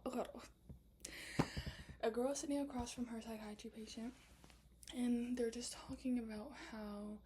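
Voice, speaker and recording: Late at night, a young woman casually talks through her idea for a film script, mostly whispering and then bursting into loud asides, with plenty of filler words. She's a student pitching it in a relaxed chat. Her voice is a little high, and there's slight background noise.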